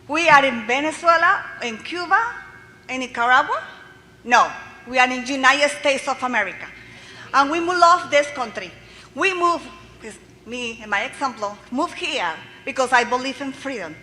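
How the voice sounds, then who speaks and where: Colombian-accented woman, fervent public commenter, sharp bright tone, long reverb. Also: high-pitched, lively intonation, moderate pace. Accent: Colombian Spanish. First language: Spanish. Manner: fervent, broken English. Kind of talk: impassioned public testimony. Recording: echoey hearing room with faint hiss.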